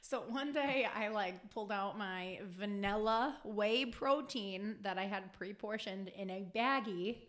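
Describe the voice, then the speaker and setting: A woman's voice: mid-range voice, unhurried, few pauses, a bit bright. A young woman co-hosting a podcast in casual chat, chatty and swearing, laughing often. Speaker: podcast co-host.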